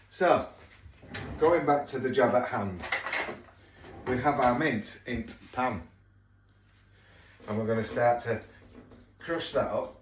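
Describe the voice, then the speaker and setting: Rambling Yorkshire man cooking in a kitchen. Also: medium pitch. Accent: Yorkshire English. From Yorkshire, England. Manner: rambling, jokey asides. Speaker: home cook vlogger. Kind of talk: casual cooking chatter. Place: home kitchen. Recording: echoey kitchen, mic far off, noisy.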